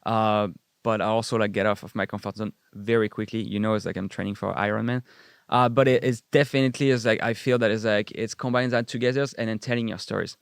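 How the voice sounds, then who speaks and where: A man's voice: on the low side, fairly even intonation, fast, creaky, clean tone, no echo, studio quality. A man, a guest chatting casually and rambling with many fillers. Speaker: guest chef. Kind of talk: casual chat.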